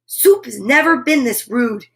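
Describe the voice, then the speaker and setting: A woman doing a cranky little storybook critter, a boy fox or squirrel who growls and snaps his words. The voice sits a touch high and unhurried. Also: lively intonation, gravelly, fairly bright tone, heavily acted. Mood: indignant. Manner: grumbling, snapping.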